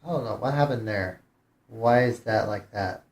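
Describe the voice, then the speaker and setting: A man's voice: fairly low pitch, normal speed, reverberant. A man streamer giving casual gameplay commentary, thinking aloud with hesitant restarts. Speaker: game streamer.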